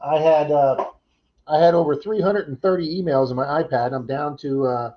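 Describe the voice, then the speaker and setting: A man's voice: fairly high pitch, moderate pace. Chatty man hosting a lo-fi livestream. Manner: chatty, thanks viewers by name, laughs easily. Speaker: livestream host. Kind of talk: casual chat reading viewer comments.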